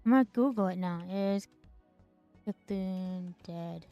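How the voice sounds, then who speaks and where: A woman's voice: on the low side, slow pace, highs cut off, faint music behind. A woman streamer ranting in casual commentary, exasperated and sarcastic, swearing and piling up fillers.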